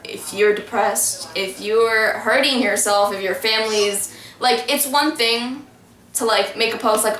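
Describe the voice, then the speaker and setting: A woman's voice: fairly high pitch, steady tone, unhurried, noisy background. A young woman telling a story in casual chat, rambling with many fillers and restarts. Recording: echoey room, from far off.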